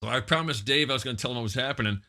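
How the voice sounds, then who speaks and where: Bright-voiced joking male podcast host. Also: medium pitch, rapid-fire. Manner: loose, joking, swears freely. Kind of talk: casual live podcast banter.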